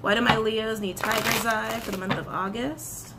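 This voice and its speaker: A woman reading tarot and crystal meanings, animated, repeating her phrases and breaking into excited outbursts. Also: fairly high pitch, normal speed, very noisy. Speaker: tarot reader.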